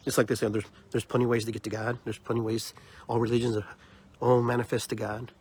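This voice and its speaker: A man's voice: medium pitch, flat delivery, quick pace, darkish tone, a little hiss or hum. A man hosting a podcast, delivering an emphatic, opinionated monologue and often repeating words as he builds his point. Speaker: podcast host.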